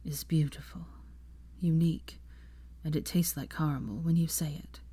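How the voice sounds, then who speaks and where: A woman reader voicing an injured young man who speaks low, slowly and tenderly, with dry humor. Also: fairly even intonation, mellow, breathy edge. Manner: low, slow, murmured.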